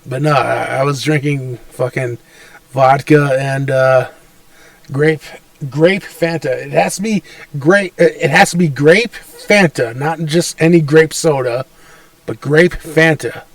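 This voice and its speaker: Young man, podcast co-host, crude rambling banter, slightly high voice, dry room, off-mic sound. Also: takes it slowly, gravelly, no echo, far from the mic. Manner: crude, rambling, laughs often. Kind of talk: casual chat.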